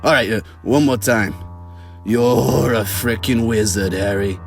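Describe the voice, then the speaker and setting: A bumbling tough-guy gangster, as a man puts him on, his voice dropped low and dragged out slowly. He drawls every line with mock menace over faint background music. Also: fairly even intonation, fairly bright tone. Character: clumsy gangster man botching accents.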